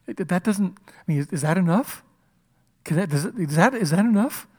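Male pastor preaching, fairly high voice; impassioned delivery that swings between loud emphasis and near-whispers. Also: expressive, fairly quick, slightly rough. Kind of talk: sermon. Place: church.

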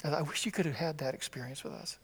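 A man preaching a sermon in a church, acting out scripture quotes with sudden swings from loud cries to hushed whispers. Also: on the high side, racing, breathy edge, in a large hall. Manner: animated, acts out quotes with swings from shouts to whispers. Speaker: pastor. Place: church sanctuary.

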